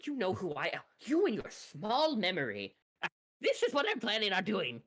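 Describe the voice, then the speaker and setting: Woman playing an eccentric wizard shopkeeper, rambling and grandiose, lively bright voice. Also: mid-range voice, moderate pace, no room sound, clean studio sound. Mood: firm. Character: eccentric female wizard shopkeeper who awakens animals.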